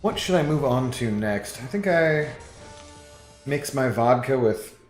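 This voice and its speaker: A man's voice: medium pitch, animated, a little slow, darkish tone. A man streaming from home who chats with viewers while he plays, rambling, laughing often and reading chat aloud. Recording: roomy echo with faint music.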